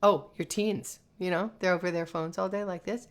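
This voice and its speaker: A North American woman voice teacher giving a chatty live-streamed lesson, reading viewer comments and talking in an animated, sing-song way. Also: lowish voice, moderate pace.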